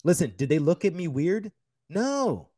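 A man from the United States, a chef, talking in a casual podcast chat, telling animated, profane stories with loud outbursts. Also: sits high, unhurried, dry recording, studio quality.

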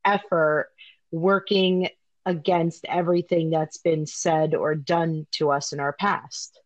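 A woman's voice: sits low, fairly even intonation, slow pace, no room sound, lo-fi sound. A young woman in casual conversation, talking candidly and swearing freely, with plenty of fillers. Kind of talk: casual chat.

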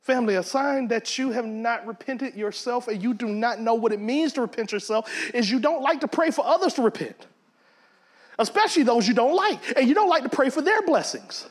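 A man's voice: very high-pitched, animated, a little fast. A man teaching a Bible study in a conversational preaching manner. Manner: conversational, acts out quoted voices.

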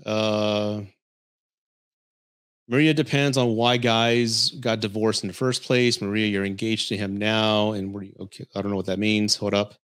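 A man's voice: on the low side, fairly even intonation, moderate pace, a bit bright, smooth. Blunt-talking male podcast host. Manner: blunt, candid advice with mild swearing. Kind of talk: casual livestream chat reading comments.

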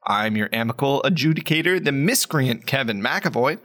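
A man's voice: medium pitch, lively intonation, fairly quick, a bit bright. A man hosting a podcast, reading a playful, wordy scripted intro. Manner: playful, wordy show-opener. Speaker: podcast host.

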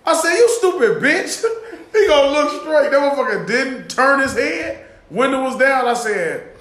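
A man's voice: very high-pitched, expressive, moderate pace, fairly bright tone, roomy sound. A man telling profane, laughing road-rage stories in casual chat.

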